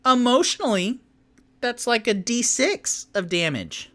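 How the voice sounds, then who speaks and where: A pint-sized, cocky male adventurer, as a game master puts him on, squeaking high and loud with a sassy, needling bite. The voice jumps well above the man's own pitch and pushes out brashly. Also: very animated, measured pace, heavily acted.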